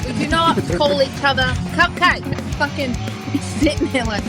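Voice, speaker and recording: A woman's voice: sits high, normal speed, over loud music, low-quality recording. A woman with an Australian accent co-hosting a podcast, blunt and sweary in casual banter. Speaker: podcast co-host.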